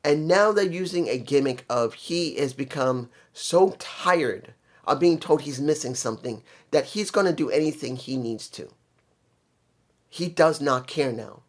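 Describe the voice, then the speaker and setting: A man's voice: a little high, lively intonation, measured pace. A man giving a casual solo review of a wrestling show, opinionated and thinking aloud with fillers and restarts.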